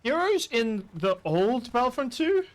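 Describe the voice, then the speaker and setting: A man chatting casually while gaming, animated and swearing freely. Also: very high voice, measured pace, soft background music. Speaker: streamer playing a game.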